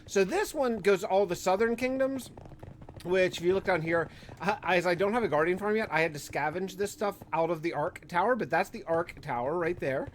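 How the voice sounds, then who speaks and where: This Minecraft YouTuber talks a little fast in a high voice, with a little hiss or hum in the recording. His commentary on his own gameplay is casual and rambling, and he keeps fixing his sentences partway through and grows exasperated.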